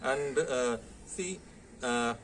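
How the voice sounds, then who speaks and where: A man's voice: mid-range voice, drawn-out words, fairly bright tone, slight background noise. A man with an Indian English accent giving a college lecture, hesitant and full of "uh" fillers and repeated "okay". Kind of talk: classroom lecture.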